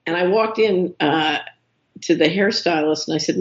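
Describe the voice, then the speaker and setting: A woman guest in an interview, telling a long story with lively, acted-out quoted dialogue. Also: fairly low pitch, moderate pace, muffled recording. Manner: animated storyteller who acts out quoted dialogue.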